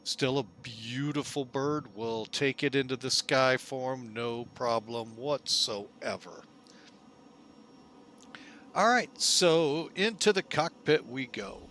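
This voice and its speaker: A man hosting a flight simulator video in a casual, folksy way, relaxed and loose with lots of fillers, often speaking to viewers as folks. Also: mid-range voice, takes it slowly, a little hiss or hum. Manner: chatty, folksy, keeps calling viewers "folks". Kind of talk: casual narrated simulator walkthrough.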